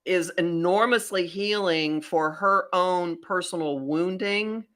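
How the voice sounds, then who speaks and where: Rambling, bright-voiced woman astrologer. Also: on the low side, takes it slowly. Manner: rambling, animated, with many restarts. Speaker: psychic astrologer host. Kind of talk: casual podcast chat.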